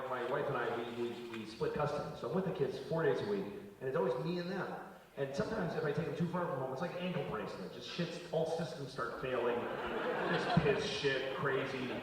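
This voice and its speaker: A man's voice: mid-range voice, far from the mic, noisy background. A man in his forties doing a profane, exasperated stand-up comedy set on stage. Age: 40s. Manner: profane, exasperated storytelling with loud outbursts. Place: live comedy venue on stage. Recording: echoey live hall recording with crowd. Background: roaring audience laughter.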